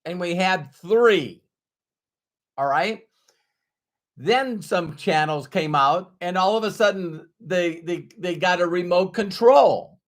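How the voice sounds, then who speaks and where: A middle-aged man delivers a motivational talk, unhurried and emphatic. His voice sits a little high for a man, and he likes to repeat the lines he wants to land. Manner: emphatic, repeats key phrases. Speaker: motivational speaker.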